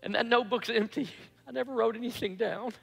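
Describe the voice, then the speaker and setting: A pastor in his fifties telling a story in a sermon, animated and acting out his own past excitement. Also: very high voice, fast, gravelly, slightly rough. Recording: echoey hall with faint music.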